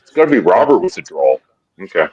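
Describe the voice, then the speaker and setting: A man co-hosting a live hockey betting stream, chatty and excitable, laughing often. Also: sits low, fast, breathy edge, no room sound, dull audio. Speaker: co-host of betting show. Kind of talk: casual live betting chat.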